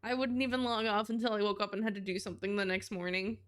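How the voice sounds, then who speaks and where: Young woman, streamer, casual chat, smooth resonant voice, rambly, swears. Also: medium pitch, flat delivery, fast talker.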